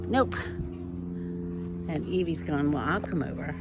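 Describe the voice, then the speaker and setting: Woman, animal caretaker, slow and animated, coos at pets, outdoor phone audio with noise. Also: low voice. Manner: coos and chats to the foxes in a sing-song pet voice. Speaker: fox sanctuary caretaker. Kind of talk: casual talk to animals while filming.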